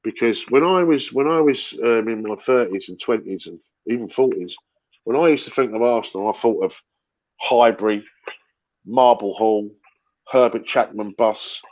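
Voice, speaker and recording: A middle-aged man holds forth in casual fan-show chat, circling back and repeating himself, with the odd swear word. His mid-pitched voice arrives slightly dull over online call audio. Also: moderate pace, a little mellow. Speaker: football fan panelist.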